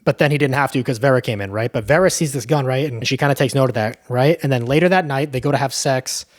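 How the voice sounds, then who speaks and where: A man's voice: mid-range voice, fast. A young man giving a casual, profane movie recap, with frequent asides of "right?" and "like". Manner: chatty, profane, tags lines with "right?". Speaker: movie reviewer.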